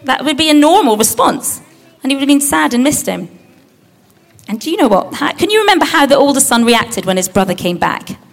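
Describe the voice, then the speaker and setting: A woman giving a lively Bible story talk to children, asking them questions and acting out the characters. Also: sits high, a little fast, gravelly. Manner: animated, acts out the characters, asks the audience questions.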